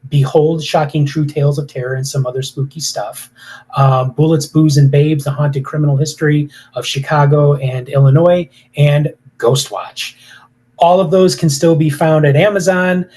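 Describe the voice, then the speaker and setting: A man's voice: a little high, fairly even intonation, normal speed, warm tone. A man chatting as a guest on a podcast interview, rambling and hesitant with many fillers. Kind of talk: casual interview chat.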